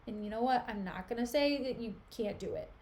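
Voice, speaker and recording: A grumpy nobleman husband brushes off requests in low, clipped, impatient lines, as a woman reading on a stream puts him on. The voice drops well below her own bright pitch. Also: brisk, close to an everyday voice. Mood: annoyed. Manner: low, annoyed and curt.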